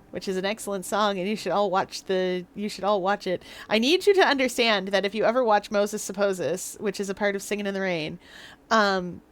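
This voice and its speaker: A woman streaming a game live, chatting casually in a playful, rambling, self-mocking way. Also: medium pitch. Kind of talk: casual live gameplay commentary.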